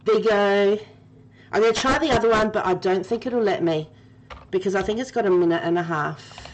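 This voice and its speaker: A woman's voice: medium pitch, a little fast, a little hiss or hum, rough recording. A woman streaming a game live, chatting with her viewers by name and laughing often. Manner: giggly, laughing often and talking to chat by name.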